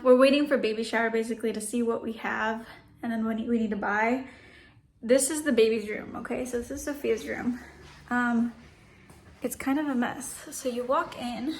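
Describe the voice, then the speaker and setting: Young pregnant woman vlogging at home on her phone, kinda breathless, lots of um and like, slightly high voice. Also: a little hiss or hum. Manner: chatty, many fillers. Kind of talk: casual pregnancy vlog. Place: home rooms, indoors.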